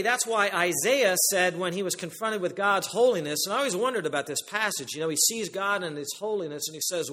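Bright-voiced animated male preacher. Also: high voice. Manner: animated preaching, reads scripture aloud with rising emphasis. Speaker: pastor. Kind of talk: sermon.

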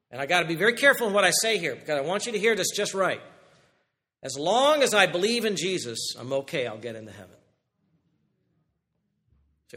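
A man preaches a sermon in a high, lively voice, a long hall reverb trailing behind him. He swings from loud, rising calls down to quiet, low passages, sometimes drifting off the mic. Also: fairly quick. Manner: animated preaching with sudden loud rises and hushed drops. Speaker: pastor.

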